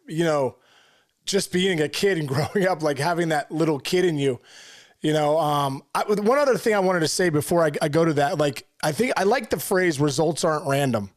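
Middle-aged ex-ballplayer guy telling an old story, pretty high voice, animated, lots of you know and like. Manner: animated, heartfelt, many fillers and restarts. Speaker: former pro baseball player, guest. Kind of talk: storytelling in a conversation.

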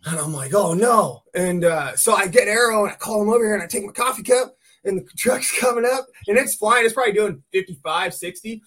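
A man hosting a podcast, telling a blunt, lively story in casual chat and swearing freely. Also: sits high, fast talker. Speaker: podcast host.

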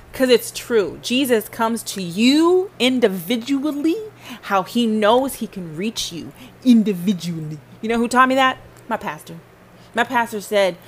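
A woman's voice: on the high side, lively intonation, moderate pace, fairly bright tone. Emphatic woman giving a casual faith talk. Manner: emphatic, preachy, talks straight to the listener. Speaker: podcast host.

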